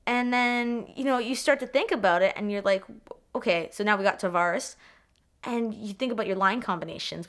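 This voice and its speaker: A young woman from Canada chatting excitedly as a sports vlogger, swearing freely, repeating herself and trailing off mid-thought. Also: medium pitch, moderate pace. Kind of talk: excited casual vlog chat.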